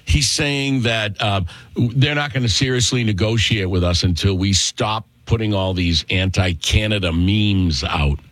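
A lower-voiced man hosts political talk radio, delivering commentary with heavy sarcasm and mocking leaps in pitch. The studio mic sound is close and dry, with no room around it. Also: measured pace, fairly bright tone, no echo. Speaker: radio talk show host.

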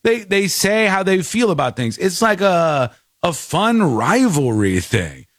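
Animated ranting male commentator. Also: sits high, measured pace, no echo, clean studio sound. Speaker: show host. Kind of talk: opinionated commentary.

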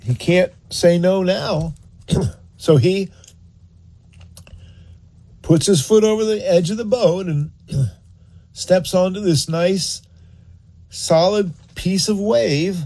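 A man preaching a sermon, telling the story in an animated, earnest way and urging listeners to act on it. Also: sits high, slow, long pauses. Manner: animated storyteller, acts out scenes; earnest, exhorting.

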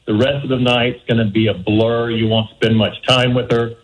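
Male caller, earnest, friendly, advice-giving, middle pitch. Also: level tone, normal speed, rough recording. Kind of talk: phone-in advice.

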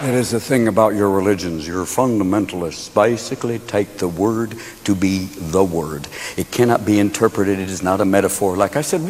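A man performing stand-up comedy, animated and loud, jumping into characters and shouting punchlines. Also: sits low, moderate pace, hardly any pauses, slight background noise.

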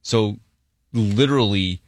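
A man hosts a morning radio show in a playful, chatty way full of quick asides. His voice sits low. The studio mic sounds dry and close. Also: no room sound. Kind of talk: casual radio chat. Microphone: studio microphone.

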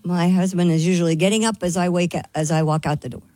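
A woman's voice: on the low side, steady tone, fast talker, warm tone, no room sound. A woman who reads the news on a morning radio show, chatting playfully with the hosts.

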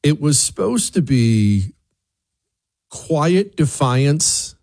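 Animated man, dry close sound. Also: very slow, no echo. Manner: animated, jumps into high mocking voices when quoting others; rhetorical questions, repeats words. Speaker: commentator. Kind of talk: opinion monologue.

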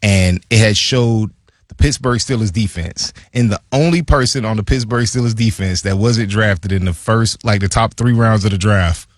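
Low, husky-voiced man telling stories. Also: moderate pace, no echo, studio quality. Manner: storytelling, laid-back, animated retelling. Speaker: co-host, former pro football player. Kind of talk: casual sports talk.

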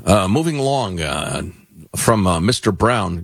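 A man's voice: a little slow, creaky, dry recording, clean studio sound. A man co-hosting a radio talk show, chatting casually and reading listener mail aloud in a playful way. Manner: lively, playful, reads letters aloud with shifting pitch. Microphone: studio microphone.

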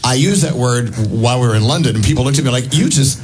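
A man hosting a radio show in casual chat, telling stories in an animated way. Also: mid-range voice, very fast, a little hiss or hum. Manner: storytelling, animated. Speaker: radio host.

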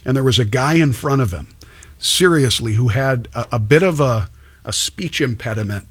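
Husky, animated talk-show host. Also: male voice, medium pitch, moderate pace. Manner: chatty, storytelling, many restarts. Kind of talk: casual talk-show banter.

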